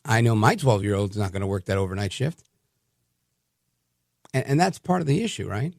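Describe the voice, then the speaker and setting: A male radio host delivers heated, opinionated commentary in a gravelly voice. He stumbles and restarts as he pushes his points. The studio sound is close and dry. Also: on the low side, brisk, dry recording. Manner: animated and combative, many restarts. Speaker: radio talk show host.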